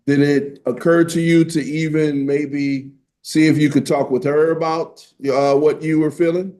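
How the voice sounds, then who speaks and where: Slow, mellow-voiced parole board man. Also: fairly high pitch, flat delivery. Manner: measured, polite questioning. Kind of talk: hearing questions.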